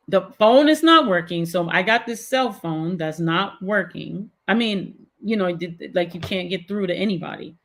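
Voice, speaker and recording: A middle-aged woman, a guest, animatedly recounting a personal story in casual chat with many fillers. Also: on the low side. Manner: animated, filler-heavy retelling.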